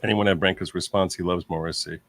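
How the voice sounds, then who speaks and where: Casting: male lawyer-streamer, low-pitched, dry close sound, excitable and repetitive. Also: no room sound. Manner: excitable, repeats himself, quickly concedes points. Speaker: lawyer streamer reading chat. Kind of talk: live panel commentary.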